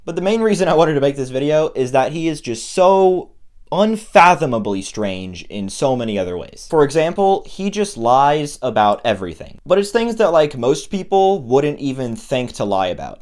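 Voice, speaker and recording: Guy doing sarcastic commentary voiceover, mocking, average pitch. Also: animated, normal speed, a little mellow. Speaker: commentary YouTuber. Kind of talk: scripted commentary narration.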